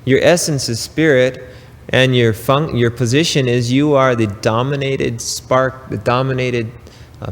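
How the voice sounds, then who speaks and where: A man giving a spiritual talk, preaching slowly and emphatically with pauses and casual asides. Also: mid-range voice, gravelly, big-room sound. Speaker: spiritual teacher.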